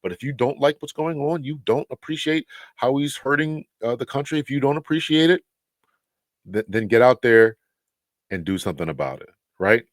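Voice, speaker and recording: A man's voice: medium pitch, lively intonation, moderate pace, dry recording. A man hosting a commentary video, talking earnestly and urging viewers, with frequent restarts. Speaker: host. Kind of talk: casual commentary.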